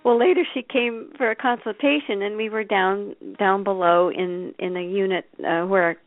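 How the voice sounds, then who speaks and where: A woman's voice: medium pitch, steady tone, normal speed, no room sound. A woman telling stories as a guest in a radio interview, chatty and anecdotal. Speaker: intuitive reader, guest. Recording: dry, tinny phone line.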